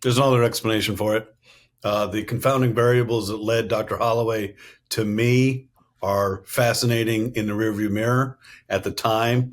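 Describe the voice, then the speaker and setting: A middle-aged man from the US East Coast, telling stories in an earnest, businesslike way as a podcast guest. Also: on the low side. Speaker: guest, company CEO. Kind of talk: storytelling interview answers.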